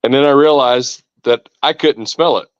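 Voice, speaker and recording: A man's voice: mid-range voice, normal speed, no echo. A man casually telling a rambling story with mild swearing on a podcast. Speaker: podcast co-host. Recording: dull lo-fi sound.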